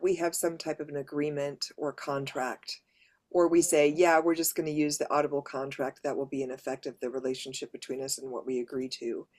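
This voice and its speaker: A woman's voice: low voice, a little mellow. A woman who narrates audiobooks, giving a practical workshop presentation and explaining her points with examples. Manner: practical, explains with read-out examples, light laughs.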